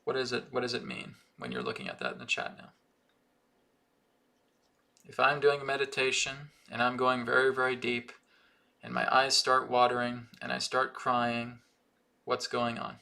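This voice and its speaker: A man's voice: mid-range voice, normal speed, creaky, long pauses, pushed and bright. A man hosting a live-stream spiritual teaching and Q&A, talking earnestly and often checking in with "right?" and "okay?". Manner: reads viewer comments aloud from the chat.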